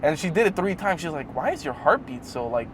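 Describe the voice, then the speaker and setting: A young man telling a casual, rambling story for his fitness vlog. He swears often and gets animated as he talks. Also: fairly high pitch, quick pace, slight background noise. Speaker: fitness vlogger.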